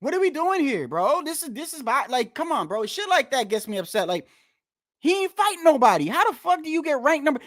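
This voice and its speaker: A man's voice: extremely high pitch, big pitch swings, brisk, fairly bright tone, no echo, clean studio sound. A man ranting casually about boxing rankings, profane and repetitive, tired after a long day and talking straight to his viewers. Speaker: boxing commentator.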